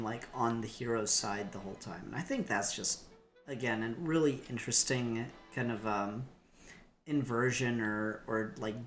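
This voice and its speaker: A man co-hosting a loose podcast conversation, speaking at a mid pitch. He meanders through his points with ums, restarts and casual profanity, and faint music plays underneath. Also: a bit bright. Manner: rambling, swears, many ums and restarts. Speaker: podcast co-host.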